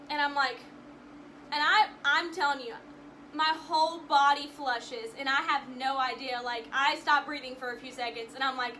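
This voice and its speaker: A woman's voice: sits high, fairly even intonation, moderate pace, bright, forceful tone, slight background noise, rough recording. A young woman vlogger telling a personal story to camera in an emotional, rambling way, with frequent restarts.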